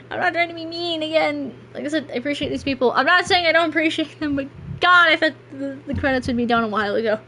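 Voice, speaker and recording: Woman streamer, higher voice, rambling and self-deprecating over a game, faint room noise. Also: fast talker, sharp tone. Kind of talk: casual gameplay stream chat.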